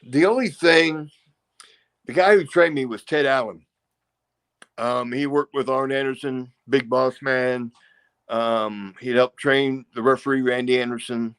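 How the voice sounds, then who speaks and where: A middle-aged man talks through long, rambling stories in a relaxed interview. He acts out what others said and drops in punchy sound effects. His voice sits at an ordinary middle pitch. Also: a little slow, clean tone. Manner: rambling, acts out quotes and crowd noises. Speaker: interview guest, former pro wrestler. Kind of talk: casual storytelling interview.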